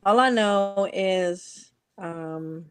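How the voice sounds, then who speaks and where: A woman in her forties, speaking as host, shares a personal story in an earnest, reflective way, restarting often in this heartfelt conversational storytelling. Her medium-pitched voice is extremely slow, clear and resonant, with no room sound.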